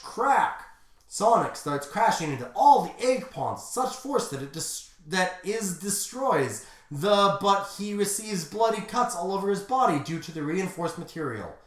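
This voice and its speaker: A woman streamer reading fan fiction aloud with wry, deadpan asides. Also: on the low side. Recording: roomy echo.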